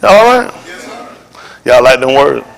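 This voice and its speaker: A man preaching an informal sermon to his congregation in a folksy, joking way that rises to shouts. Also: mid-range voice, big pitch swings, unhurried, gravelly. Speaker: congregation leader.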